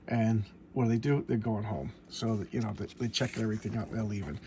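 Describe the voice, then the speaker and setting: A man casually reviewing a comic book in a home vlog, rambling and excitable, with many restarts and fillers. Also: fairly low pitch, brisk, a little hiss or hum.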